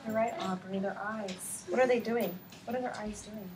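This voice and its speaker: A woman teacher in a classroom, reading a picture book aloud to her class with an animated read-aloud voice and asking the children questions. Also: mid-range voice, moderate pace, slight background noise, poor audio.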